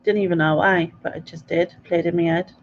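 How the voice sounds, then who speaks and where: A woman's voice: on the low side, steady tone, brisk, slight background noise. Giggly rambling woman on a lo-fi stream. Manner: giggly, rambling, laughs often. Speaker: co-host. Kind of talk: late-night livestream chat. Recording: slightly dull lo-fi sound.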